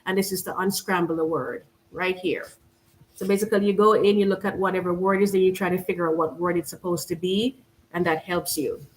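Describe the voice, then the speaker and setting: A woman's voice: fairly low pitch, steady tone, fairly quick, a little hiss or hum. A woman from Jamaica with a Jamaican accent, hosting a casual live stream and chatting loosely, with many "you know"s and "like"s. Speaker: channel host.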